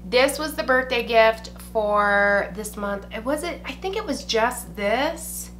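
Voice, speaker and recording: A woman's voice: fairly high pitch, lively intonation, slow pace, a bit bright, slight background noise. Chatty woman gushing over makeup. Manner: chatty, gushing, swears casually, says "y'all" and "freaking". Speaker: beauty vlogger. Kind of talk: casual product review chat. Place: indoors at home.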